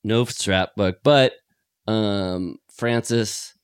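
Lively low-voiced man chatting on a podcast. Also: drawn-out words, clear, resonant tone, no echo, studio quality. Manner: animated, laughing, acting out lines in put-on voices. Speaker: podcast co-host. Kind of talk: casual chat.

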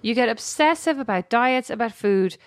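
A woman's voice: a little high, expressive, normal speed, no echo, studio quality. A woman co-hosting a podcast, teasing her sister and talking over her in casual chat. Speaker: podcast co-host.

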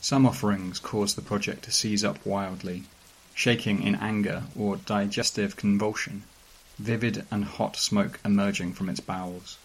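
A man reading a strange first-person story aloud in a calm, dry, measured way. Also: fairly low pitch, breathy edge, rough recording. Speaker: narrator. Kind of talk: scripted narration of a weird fiction story.

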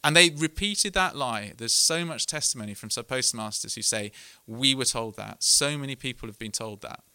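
A man's voice: mid-range voice, a little fast, sharp tone, clean tone, no echo. Earnest man reading from his book. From England. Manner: earnest, candid, self-deprecating, with restarts. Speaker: author giving a book talk. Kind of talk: live talk and book reading to an audience.

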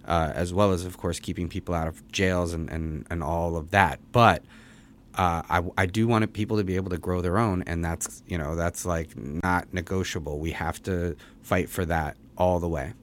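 A man's voice: low-pitched, steady tone, moderate pace, slight background noise. A man co-hosting a casual podcast, talking in a laid-back way with frequent restarts. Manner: laid-back, laughs often, restarts words. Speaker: podcast co-host. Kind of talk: casual chat.

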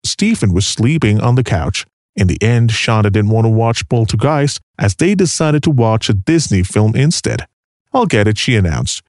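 A man narrating a dark true story in an expressive, dramatic reading. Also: on the low side, normal speed, no room sound, clean studio sound.

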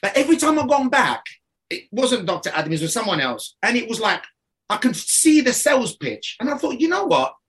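A man's voice: extremely high pitch, very animated, brisk, a bit bright. A man speaking as a guest, telling his story in a rambling, casual way, often restarting and laughing.

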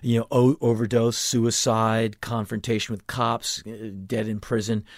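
In a garage home studio, a man in his fifties, a musician being interviewed casually, recounts stories bluntly and intensely and keeps restarting. His delivery is flat and a little slow in a mid-range voice, and the studio sound is clean with no echo.

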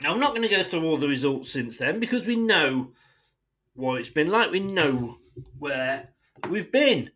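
A man's voice: fairly high pitch, sing-song, measured pace, a bit bright, poor audio. A man hosting a football fan podcast, delivering an indignant, sweary solo rant addressed straight at his club's owners.

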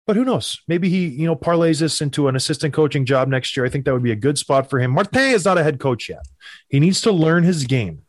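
A Canadian man co-hosting a casual sports chat, animated and teasing, often mock-outraged. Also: on the high side, fast, no room sound, studio quality. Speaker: podcast co-host.

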